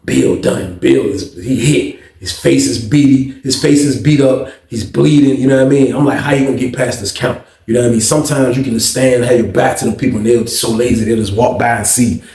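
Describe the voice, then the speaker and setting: A man telling a story in an animated, slang-heavy, repetitive way. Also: medium pitch, a little fast, few pauses, reverberant. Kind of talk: casual storytime.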